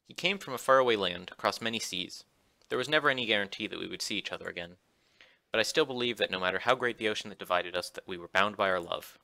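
A man voicing a young woman in a visual novel who waits for her sailor love, reading softly and tenderly. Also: on the low side, fast talker, creaky. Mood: wistful. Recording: faint music behind.

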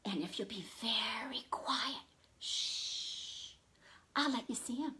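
A woman's voice: very high voice, big pitch swings, brisk, a little hiss or hum, pitched above the performer's own voice, exaggerated voice. A woman voicing an eager little boy on a farm in a children's storybook read-aloud. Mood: hushed. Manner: eager, hushed storybook telling.

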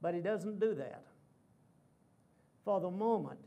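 High-voiced man preaching a story sermon. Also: expressive, slow pace, pauses often, warm tone. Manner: dramatic storytelling with repeated phrases. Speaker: guest preacher. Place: church.

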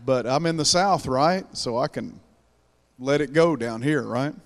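Exuberant Appalachian preacher. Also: male voice, medium pitch, unhurried, creaky. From mountains of Virginia. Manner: exuberant, calls for praise. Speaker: guest preacher. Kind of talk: sermon opening.

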